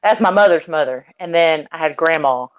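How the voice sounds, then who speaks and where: A woman's voice: low-pitched, a little fast, muffled recording. A woman from Texas with a Texan accent, chatting casually and telling stories with sweet, cutting sass. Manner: sassy storyteller, sweetly cutting. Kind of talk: casual chat.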